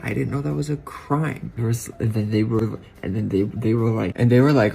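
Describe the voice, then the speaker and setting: A man's voice: mid-range voice, moderate pace, creaky, few pauses, a little mellow, husky. A man delivering a rambling, mock-indignant comic rant to the camera.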